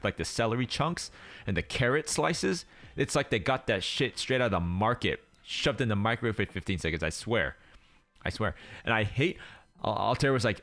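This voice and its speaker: A man's voice: medium pitch, a bit bright. A young man streamer chatting casually, telling a rambling story full of restarts and acted-out quotes. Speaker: streamer host. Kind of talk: casual chat. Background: faint background music.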